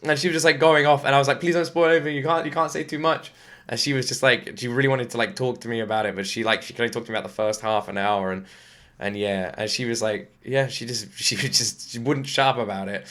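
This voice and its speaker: A British man hosting a music reaction channel, telling a rambling, excitable story in a casual chat to the camera from his home office. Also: mid-range voice, fast talker.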